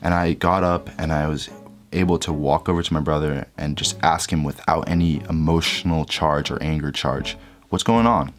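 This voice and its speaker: A young man casually and candidly recounting a personal story as a vlogger, his voice trailing softer at the ends of sentences. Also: rumbling low, level tone, normal speed, soft background music. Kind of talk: reflective storytelling.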